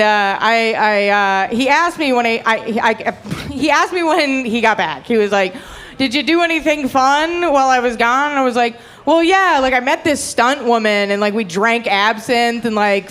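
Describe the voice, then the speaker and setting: A woman's voice: on the high side, a bit bright. A young woman doing a stand-up comedy set on a club stage, brash and profane, laughing at her own jokes. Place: comedy club stage before a live audience.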